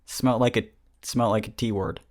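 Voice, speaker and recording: Deep-voiced joking young man. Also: steady tone, a little fast. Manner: rambling, self-mocking, jokey. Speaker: podcast host. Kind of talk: casual chat. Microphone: podcast microphone.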